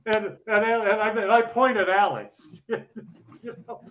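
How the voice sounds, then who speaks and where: A high-voiced man spinning old bowling-tour stories in a loose podcast chat. He laughs as he talks and doubles back on his words, stacking one "he goes" on the next. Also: steady tone, moderate pace, fairly bright tone. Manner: laughs often, repeats words while telling stories. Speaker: retired bowling pro guest. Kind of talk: casual storytelling chat.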